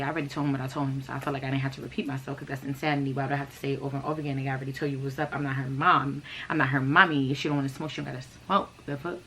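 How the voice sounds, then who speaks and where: A woman's voice: a bass voice, fairly even intonation, very fast, few pauses, fairly bright tone, a little hiss or hum, low-quality recording. A woman telling a storytime vlog story in a blunt, profane, exasperated rant. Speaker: fashion channel host.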